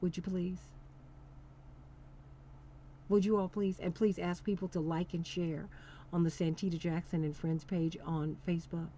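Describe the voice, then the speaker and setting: A woman's voice: on the low side, level tone, moderate pace, warm tone. A middle-aged woman hosting a call-in talk show, chatty and affectionate, laughing often and sounding tired. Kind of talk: casual call-in radio chat. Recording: slightly dull lo-fi stream with faint noise.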